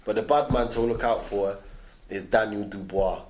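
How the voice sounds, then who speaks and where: A man, telling animated stories in casual slang-filled chat. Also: on the low side, moderate pace. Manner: animated storyteller, street slang. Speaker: guest. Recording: echoey room.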